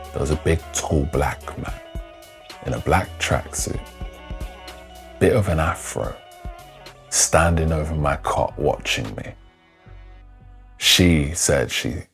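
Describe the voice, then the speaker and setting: A man, telling a personal story in a loose, slangy, animated way. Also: a bass voice, gravelly. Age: 30s. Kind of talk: casual spoken storytelling.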